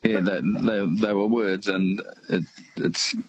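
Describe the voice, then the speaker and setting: Older aussie bloke calling in, really low husky voice, lots of uh and um. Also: male voice, little pitch movement, muffled recording. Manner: hesitant, halting, lots of uh fillers. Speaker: radio caller. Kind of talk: casual chat.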